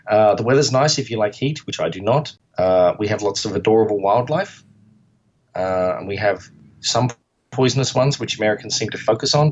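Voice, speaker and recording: A man's voice: on the low side, husky, lo-fi sound. An Australian man from Perth, chatting as an interview guest in a rambling, self-deprecating way. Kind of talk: casual interview chat.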